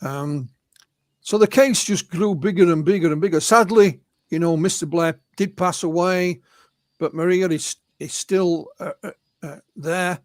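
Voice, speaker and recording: In a clean studio recording with no echo, a man from England with a high-pitched voice speaks a little slowly. He's a UFO researcher guesting on an interview, narrating witness accounts as stories and often saying "you know."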